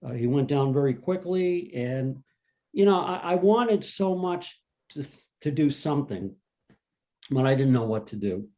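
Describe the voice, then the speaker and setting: A man's voice: medium pitch, animated, unhurried, warm tone, dull audio. A man on a video call telling an earnest, emotional personal story as a volunteer fundraiser at an online panel.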